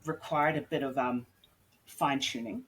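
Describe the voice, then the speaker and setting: A man chatting as a podcast guest at a middle pitch, blunt and unbothered about swearing. He rambles through long explanations, padding them with "like" and quick asides. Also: fairly even intonation, fairly bright tone. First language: English. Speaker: guest author and editor. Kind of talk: casual podcast interview.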